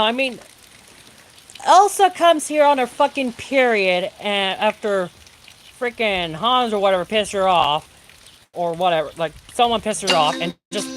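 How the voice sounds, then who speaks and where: Rain falls outside during a thunderstorm while this Pacific Northwest streamer, at home and live, launches into a profanity-laden rant about the storm. The voice is mid-range and fairly bright in tone, and there's a little hiss or hum.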